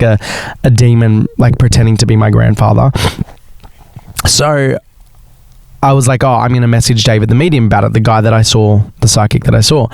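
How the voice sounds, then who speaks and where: Young man, gravelly voice, excitable, swearing, casual solo podcast, dry close sound. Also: mid-range voice, no echo. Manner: animated, swearing, excitable storytelling. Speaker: podcast host.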